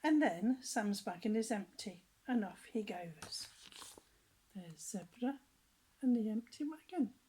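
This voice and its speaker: A woman reading picture books aloud to children, gentle, with chatty asides and some lines whispered. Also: medium pitch, expressive, slow, breathy edge, poor audio.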